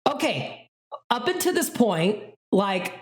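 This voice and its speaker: A woman's voice: medium pitch, sing-song, slow. A woman co-hosting a podcast, chatting casually with lots of "like" and fillers. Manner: rambling, heavy on "like", dramatic readings of messages. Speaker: podcast co-host. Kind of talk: casual chat.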